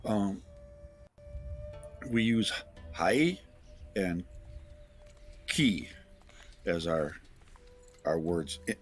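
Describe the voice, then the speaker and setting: Deep-voiced male player, casual and hesitant, very slow delivery. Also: darkish tone, soft background music. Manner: halting, searching for words. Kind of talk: casual tabletop game talk.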